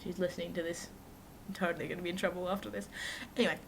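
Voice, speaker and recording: Young woman vlogger, slightly low voice, rambling self-mocking storyteller, faint hiss behind. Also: fairly even intonation, rapid-fire. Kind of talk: casual storytelling to camera.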